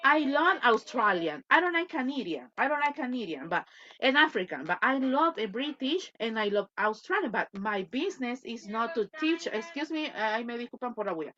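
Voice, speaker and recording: Woman teacher on a video call, animated and higher-pitched, keeps checking "okay?", faint noise behind. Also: brisk. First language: Spanish. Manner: switches between English and Spanish, repeats points, asks "okay?". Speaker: English teacher. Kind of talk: online class lecture. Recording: dull lo-fi audio.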